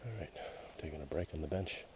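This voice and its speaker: A man's voice: rumbling low, fairly even intonation, quick pace, heavy background noise. A man with a Canadian accent, narrating a hike in the woods to an action camera in a wry, grumbling way. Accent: Canadian English. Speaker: hiking vlogger. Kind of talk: casual narration while hiking. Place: wooded trail outdoors.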